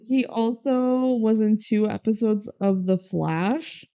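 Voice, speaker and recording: Chatty young woman, gravelly and mellow. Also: on the high side, slow. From Minnesota, USA. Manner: chatty, laughing, filler-heavy. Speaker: podcast co-host. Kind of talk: casual chat.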